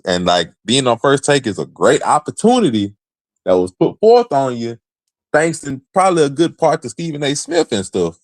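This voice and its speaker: A young man co-hosting a casual sports podcast, talking in slangy, animated bursts and acting out imagined conversations. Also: mid-range voice, normal speed, dry recording. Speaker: podcast co-host.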